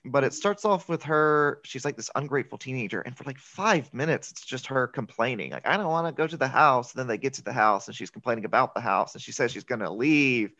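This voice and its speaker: A man's voice: mid-range voice, a little fast, hardly any pauses, dry recording. Chatty man recapping a movie, dry lo-fi sound. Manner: chatty, laughs often, quotes lines in excited voices. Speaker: podcast co-host. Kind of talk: casual movie recap chat. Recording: dull lo-fi, dry.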